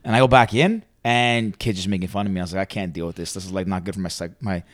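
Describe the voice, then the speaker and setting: A man's voice: deep voice, fast, dry recording, clean studio sound. A man in his thirties, co-hosting a podcast, telling rambling stories full of fillers. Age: 30s. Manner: rambling, many fillers, laughs at own stories. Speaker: podcast co-host. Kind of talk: casual storytelling chat.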